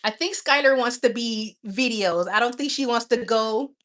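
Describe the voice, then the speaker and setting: Woman, livestream host, casual chat, high-ish voice, affectionate, laughs a lot. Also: moderate pace, a bit bright. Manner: chatty, affectionate, laughs often.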